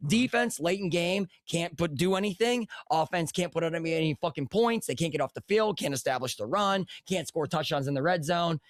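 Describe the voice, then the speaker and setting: A man's voice: fairly high pitch, a little fast, few pauses, no echo, studio quality. A man co-hosting a sports podcast, venting in an angry, profane rant aimed at his co-host.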